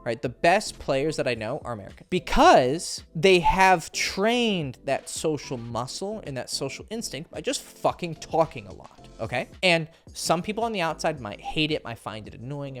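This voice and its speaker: A man coaching on dating, speaking straight to the camera with a very lively voice that leaps up for emphasis. He is blunt and swears freely, tossing in "right?" and "okay?" over faint music. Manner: blunt and profane, keeps checking in with "right?" and "okay?"; animated, jumps up in pitch for emphasis. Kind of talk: direct-to-camera advice monologue.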